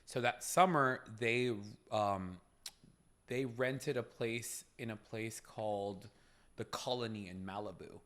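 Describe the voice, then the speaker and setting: A man from Los Angeles, a former chef, telling a casual story as a podcast guest, loose and animated with lots of filler words. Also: mid-range voice, slow.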